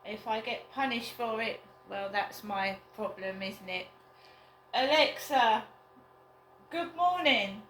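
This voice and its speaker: Slow-talking woman vlogger. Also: medium pitch, a little hiss or hum. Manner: slow, rambling, downbeat musing. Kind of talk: casual solo vlog. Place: her flat, indoors. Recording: roomy flat with faint ambience.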